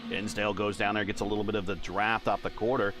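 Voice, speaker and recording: A man's voice: fairly low pitch, flat delivery, fast talker. Man calling a sim race over music. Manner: stat-heavy play-by-play with jokey asides. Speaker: race commentator. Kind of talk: sim racing broadcast commentary.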